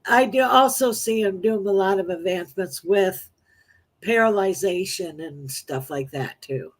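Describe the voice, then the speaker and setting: A woman appearing as a psychic guest on a live stream, speaking in a halting, plain-spoken way with many restarts. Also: mid-range voice. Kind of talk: casual live-stream chat.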